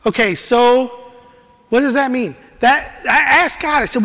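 A man preaching a sermon and telling a personal testimony in an animated storytelling manner. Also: extremely high pitch, a little slow, long reverb tail. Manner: animated storytelling, laughs while he talks.

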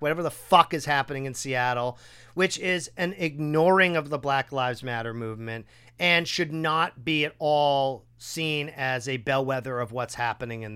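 Animated, bright-voiced man talking. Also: a little high, smooth. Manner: animated, acts out quotes in a raised voice. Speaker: podcast host. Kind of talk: casual conversation.

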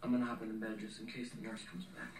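A man's voice: fairly low pitch, fairly even intonation, racing, a little hiss or hum, lightly acted. An actor playing a wry male nurse friend, speaking with dry sarcasm in film dialogue. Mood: sarcastic. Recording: film audio, roomy and distant.

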